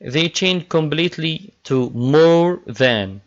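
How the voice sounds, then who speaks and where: Slow-talking male English teacher. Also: a little high, expressive. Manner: slow, repetitive drilling of word pairs. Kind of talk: classroom grammar lesson. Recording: dull lo-fi recording.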